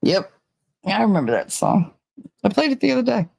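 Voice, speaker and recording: Woman host of a casual livestream, giggly and talkative, mid pitch, dry close sound. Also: very animated, quick pace, creaky, darkish tone, slightly rough, no room sound. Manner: chatty, laughs often, reads viewer comments aloud.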